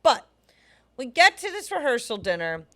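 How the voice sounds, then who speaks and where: A woman's voice: sits high, big pitch swings, normal speed, pushed and bright. A young adult woman co-hosting a comedy podcast, telling stories emphatically in casual chat and swearing freely. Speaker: podcast co-host.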